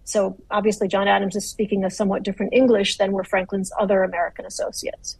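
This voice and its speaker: A woman author gives careful, articulate answers, circling back and restarting her phrases as she thinks. Her voice is husky with a gravelly edge, and the recording is dry and close. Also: medium pitch, level tone, darkish tone, no room sound, low-quality recording. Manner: articulate, measured, with frequent restarts. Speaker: author, interview guest. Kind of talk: thoughtful interview answers.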